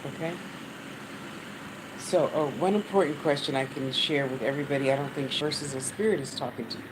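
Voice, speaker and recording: A woman's voice: extremely low pitch, fairly even intonation, fairly quick. A woman with an American accent giving casual, blunt spiritual advice to her viewers, swearing freely as she talks. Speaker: spiritual channel host. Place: at home, fan running. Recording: noisy fan and traffic behind.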